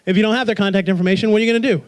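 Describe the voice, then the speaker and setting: Running a live marketing workshop, a man speaks very fast in a voice that sits high. He's energetic and jokey, quizzing the audience with rhetorical questions.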